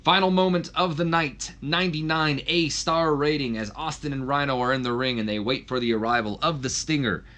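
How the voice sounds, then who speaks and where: A man's voice: medium pitch, a little fast, few pauses, bright, forceful tone. A man casually narrating a wrestling game session, rambling with fillers. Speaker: let's play host.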